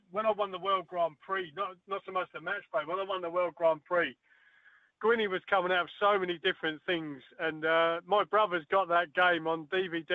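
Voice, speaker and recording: A man's voice: high voice, dry recording. Chatty man on a tinny phone line. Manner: chatty storyteller, many fillers and restarts. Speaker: guest, former darts player. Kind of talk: phone-in radio interview.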